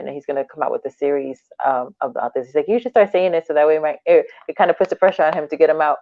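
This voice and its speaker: A woman co-hosts a casual podcast chat, laughing often and slipping into little acted-out quotes. Her voice sits low. The sound is dry and tinny, like a phone call. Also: no echo. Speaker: podcast co-host.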